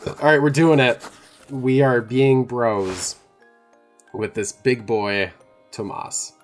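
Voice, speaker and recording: A man co-hosting a let's play, riffing with crude jokes and quick asides. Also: mid-range voice, fairly even intonation, soft background music. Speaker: co-host gamer. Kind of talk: casual let's play banter.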